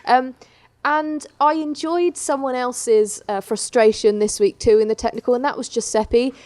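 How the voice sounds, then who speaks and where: A woman's voice: fairly high pitch, normal speed, no echo. A woman hosting a podcast, chatting casually and telling stories with lots of fillers. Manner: chatty, animated storytelling with many fillers. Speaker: podcast host. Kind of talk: casual chat recapping a baking show.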